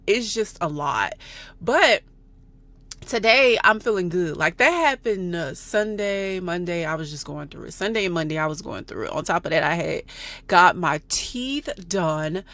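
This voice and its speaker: Forties woman from texas chatting to the camera, candid and easy, kinda low voice, says y'all a lot. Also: a bit bright, no echo. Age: 40s. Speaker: vlogger. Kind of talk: casual vlog chat.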